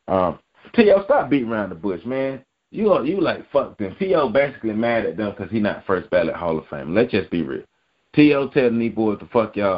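Blunt, slangy low-voiced sports talker. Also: male voice, slightly rough, lo-fi sound. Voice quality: blunt, slangy, repetitive emphasis. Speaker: sports commentator. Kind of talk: casual sports talk commentary.

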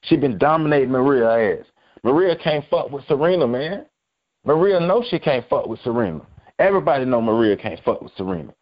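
Over dull, lo-fi audio, a male sports podcast host with a medium-pitched voice launches into a brisk, expressive rant. He's angry and profane, repeating himself for emphasis.

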